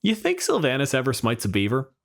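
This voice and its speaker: A man co-hosting a podcast in casual chat, animated, joking and swearing freely. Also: medium pitch, brisk, creaky. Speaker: podcast co-host.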